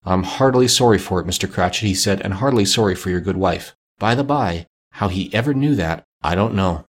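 A man reading Bob Cratchit, gentle grieving father. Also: low-pitched, a little fast, breathy edge. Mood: tender. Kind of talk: audiobook reading.

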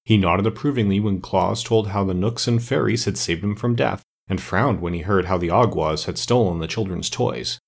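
A man narrating an audiobook chapter in a measured, even storytelling manner. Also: sits low, vocal fry, husky.

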